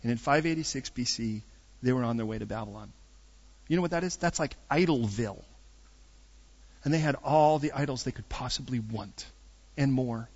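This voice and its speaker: A middle-aged man preaching a storytelling sermon, joking and swinging between loud bursts and hushed asides. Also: mid-range voice, moderate pace, pauses often, breathy edge. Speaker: pastor. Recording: dull lo-fi sound.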